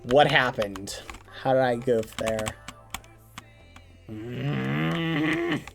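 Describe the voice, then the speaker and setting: A streamer in casual live-stream gaming chat, talking straight to viewers and swinging from groans to high shrieks. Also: sing-song, extremely slow, gravelly, music in the background.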